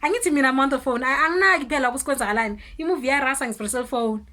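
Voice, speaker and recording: Bright-voiced South African woman telling a story. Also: high voice, rapid-fire. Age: 20s. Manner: animated, code-switching, loud exclamations. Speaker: vlogger. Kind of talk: storytime vlog.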